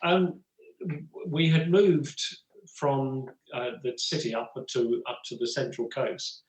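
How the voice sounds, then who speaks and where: Casting: older English actor, chatty raconteur, mid-pitched, recorded with room echo. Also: male voice, steady tone, slow, a little mellow, a little hiss or hum. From England. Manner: rambling, full of "you know" asides. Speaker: guest actor and writer. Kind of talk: relaxed storytelling conversation.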